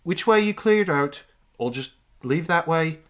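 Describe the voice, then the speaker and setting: Man doing a resigned bird-folk bandit, Irish lilt, lively pitch, bright tone; tabletop game. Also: unhurried.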